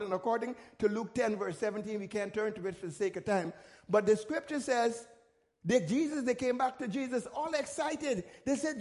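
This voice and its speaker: A middle-aged male pastor preaching a sermon, repeating phrases and checking in with the congregation. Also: very high voice. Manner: repeats words in restarts, calls out to the congregation.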